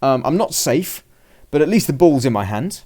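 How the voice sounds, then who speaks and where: A man's voice: fairly high pitch, very animated, moderate pace, mellow. Man rambling through a game recap. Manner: rambling, restarts, acts out his own and his opponent's lines. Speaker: podcast host recounting a game. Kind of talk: casual chat, play-by-play recap.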